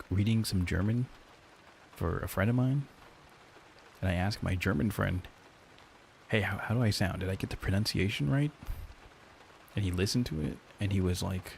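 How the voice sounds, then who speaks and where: A man's voice: fairly low pitch, gravelly, a little mellow, a little hiss or hum. A young man streaming, chatting casually and profanely with his viewers, peppering his talk with "like" and "dude". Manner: loose and profane, lots of "like" and "dude". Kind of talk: casual chat with live chat.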